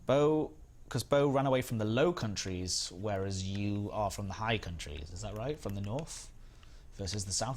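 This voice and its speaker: A man's voice: on the low side, a little hiss or hum. A young man hosting a live game stream, chatting casually and greeting viewers by name in an upbeat way.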